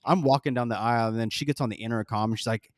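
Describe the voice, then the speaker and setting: A podcast co-host, a man, talks fast as he tells a story in casual chat, animatedly acting out quoted voices. His pitch is medium, and the clean studio sound has no echo.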